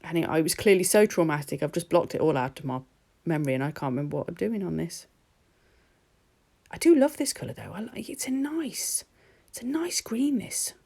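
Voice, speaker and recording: A woman's voice: lowish voice, expressive, brisk, vocal fry, dark tone. A woman narrating her nail art in a chatty, rambling voice-over recorded at home. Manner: chatty and rambling, with laughs and ums.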